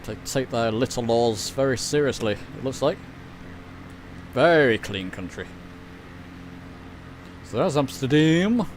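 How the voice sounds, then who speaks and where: He talks slowly, with long pauses, in an animated medium-pitched voice over a little hiss or hum. It's casual live-stream commentary: he rambles through a flight simulator session and reads chat aloud.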